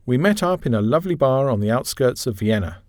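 A man's voice: medium pitch, animated, no room sound, clean studio sound. A man narrating a scripted pronunciation lesson, enunciating each word carefully. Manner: slow, carefully enunciated dictation. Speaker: course audio narrator.

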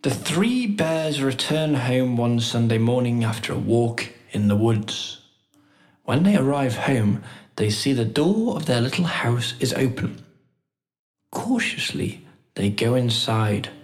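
A man reading jokes and short stories slowly and clearly for learners. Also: medium pitch, animated. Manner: careful, deliberate. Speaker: storyteller.

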